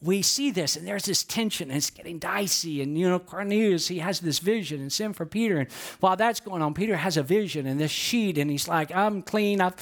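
A male pastor preaching a sermon, animated and storytelling, asking the congregation to respond along with him. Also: high voice, brisk.

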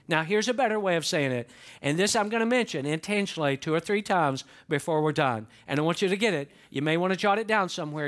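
A man's voice: fairly high pitch, a bit bright. A male pastor preaching a sermon, emphatic and repeating key lines to the congregation.

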